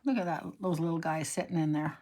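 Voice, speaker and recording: Low, dark-toned and fast, a middle-aged woman's voice carries a casual crafting demo. She's chatty and rambling, talking to herself as she works through the tutorial.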